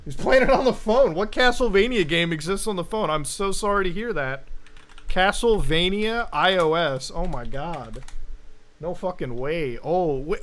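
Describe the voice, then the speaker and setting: A young man with a high, light voice rants through casual stream commentary, swearing freely. He talks over clips in loose bursts and jumps into loud shouts and laughs. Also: lively intonation, moderate pace. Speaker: streamer reacting to videos.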